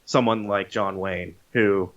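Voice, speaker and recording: A man's voice: lowish voice, slow pace. Lo-fi, swearing male storyteller. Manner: animated storyteller, swears freely, acts out quotes. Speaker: podcast co-host. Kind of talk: casual chat retelling a movie. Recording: dull lo-fi podcast audio.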